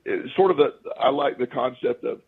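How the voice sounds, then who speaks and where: A man's voice: medium pitch, normal speed, creaky, husky, narrow, tinny audio. A man as a podcast guest, telling anecdotes casually and acting out what people said. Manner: animated storyteller who acts out quoted speech.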